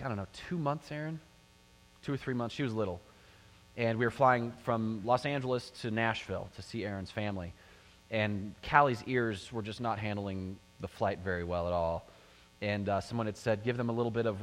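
A man's voice: lowish voice, moderate pace, pauses often. A middle-aged man preaching a sermon to a congregation, telling stories and asking the listeners questions. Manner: storytelling, animated, addresses the congregation with questions. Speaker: pastor. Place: church sanctuary. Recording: long hall reverb.

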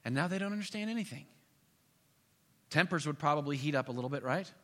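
Male pastor, high bright voice, animated sermon storytelling with acted-out voices, reverberant sanctuary. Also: quick pace. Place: church sanctuary.

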